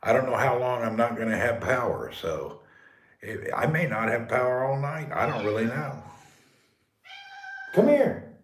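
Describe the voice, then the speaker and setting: A man live streaming casually from his dark house during a power cut, talking to viewers and calling out high and loud to his pet. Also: expressive, moderate pace, slight background noise. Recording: echoey room.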